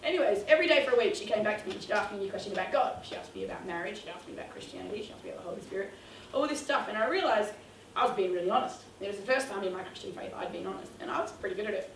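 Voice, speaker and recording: Speaking very fast in an expressive, medium-pitched voice, a young woman in youth ministry shares a comic, self-mocking story with young listeners. She acts out the quotes with big vocal jumps, and the distant, roomy hall recording carries slight background noise.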